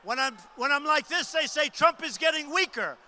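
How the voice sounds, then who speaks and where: A man giving a loud, emphatic rally speech to a big crowd, repeating short phrases. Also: lively intonation, moderate pace, slight background noise. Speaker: political candidate at a rally. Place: large arena rally. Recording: booming reverb of a big arena.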